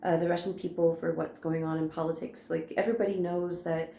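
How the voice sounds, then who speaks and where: Mellow-voiced woman reading tarot cards. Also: sits low, flat delivery, brisk, vocal fry, roomy sound, a little hiss or hum. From United States. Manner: chatty, reassuring, laughs often. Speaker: tarot reader. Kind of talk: casual spiritual card reading.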